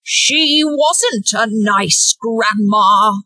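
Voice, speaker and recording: A woman voicing a sly male wolf in a storybook recording, crying out in high yelps. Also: very slow, sharp tone, no echo, heavily acted. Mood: pained. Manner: high yelping cries. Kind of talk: storybook audio acting.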